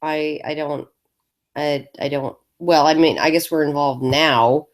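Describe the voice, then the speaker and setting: Low-voiced dry sarcastic woman co-host. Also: fairly even intonation, measured pace. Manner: dry, sarcastic, hesitant restarts. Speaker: podcast co-host. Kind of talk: casual chat.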